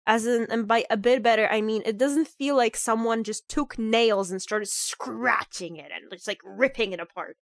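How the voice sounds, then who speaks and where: A woman's voice: fairly high pitch, moderate pace, hardly any pauses, no echo, studio quality. A woman streaming a game in casual, rambling chat, sounding sick and nasal from a clogged nose. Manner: rambling, animated, heavy on "like" fillers.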